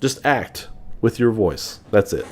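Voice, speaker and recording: Animated, profane gaming host, lowish voice. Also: male voice. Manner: animated, profane, laughing often. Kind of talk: casual live-stream chat.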